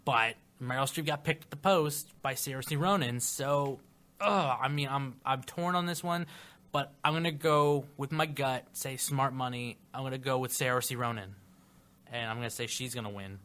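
A man's voice: mid-range voice, moderate pace. A young man co-hosting a podcast, chatting casually and laughing a lot as he makes Oscar picks. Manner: laughs a lot, animated, jokey. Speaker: podcast co-host. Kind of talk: casual chat, Oscar predictions.

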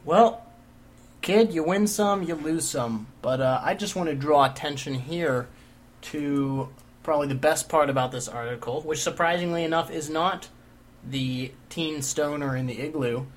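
A man's voice: fairly high pitch, moderate pace. A man hosting a casual comedy chat show, wry and joking as he leads the segments. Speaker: podcast host.

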